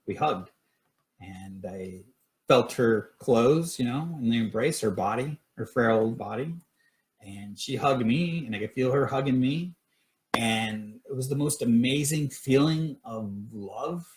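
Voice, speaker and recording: A man's voice: lowish voice, unhurried. A middle-aged man telling his paranormal stories casually on a live stream, rambling with many fillers and restarts. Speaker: paranormal investigator sharing stories.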